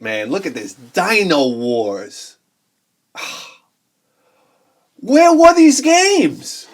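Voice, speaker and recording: A man in his forties with a high, bright voice spins rambling childhood stories in a casual vlog. He gets excitable, laughs often, and jumps into the voices of the people he remembers. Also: husky. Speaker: video game collector vlogger. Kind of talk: casual storytelling while showing games.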